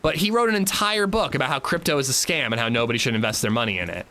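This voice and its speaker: A man hosting a casual livestream, telling animated, profane stories while playing and chatting with viewers. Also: medium pitch, racing. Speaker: livestream host.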